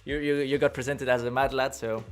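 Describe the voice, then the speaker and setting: A man hosting a live podcast in English, which is not his first language; he talks casually and playfully, laughing often and halting over words. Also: medium pitch, fairly even intonation, slight background noise. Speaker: podcast host. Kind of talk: casual live-stream chat.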